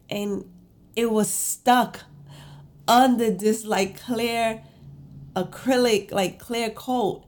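A woman hosting her own show, telling a personal story in a casual, chatty way with lots of fillers. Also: a little high. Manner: chatty, many fillers, animated retelling; self-described emotional and empathetic. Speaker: podcast host.

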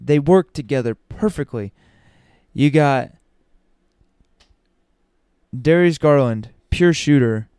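Man, mellow smooth voice, casual opinionated talk, ums and restarts, dry close sound. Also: mid-range voice, slow pace, pauses often, no room sound. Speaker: sports commentator.

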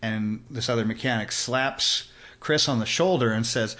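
Man in his sixties, lively storyteller. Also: medium pitch, normal speed. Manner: animated, acts out voices in his anecdotes. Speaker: podcast guest. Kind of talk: casual storytelling. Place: host's house.

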